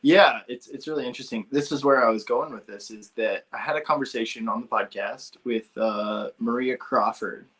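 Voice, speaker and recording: A man's voice: medium pitch, moderate pace, hardly any pauses, fairly bright tone, husky. A man hosting a podcast, talking in a thoughtful, hedging way with many restarts. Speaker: podcast host. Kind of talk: casual chat.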